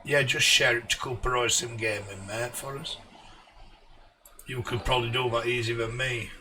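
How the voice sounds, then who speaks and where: A man live-streaming a game, greeting viewers by name in a chummy way, his voice going a little hoarse. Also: medium pitch, steady tone, normal speed, pushed and bright, far from the mic, slight background noise, low-quality recording.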